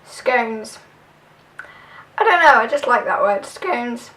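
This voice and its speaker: A woman's voice: on the high side, expressive, slow, fairly bright tone, recorded from a distance, poor audio. A young woman with a southern English accent, chatting casually through a tag video with lots of fillers. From southern England. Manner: chatty, rambling, filler-heavy. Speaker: vlogger.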